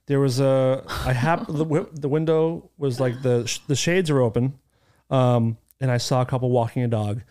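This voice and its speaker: A man hosting a podcast, chatting casually and telling stories with loud, animated quoted lines. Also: medium pitch, moderate pace, clear, resonant tone. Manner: animated storyteller who shouts out quoted lines. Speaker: podcast host. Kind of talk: casual chat.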